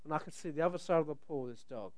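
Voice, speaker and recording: A middle-aged man delivers a sermon in a smooth, resonant voice that sits a little high. He tells stories with animated swings, now and then bursting loud as he acts out a scene. He sounds like he is speaking to a church congregation on a microphone. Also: fast. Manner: animated storytelling, rising to loud outbursts when acting out scenes. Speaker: preacher.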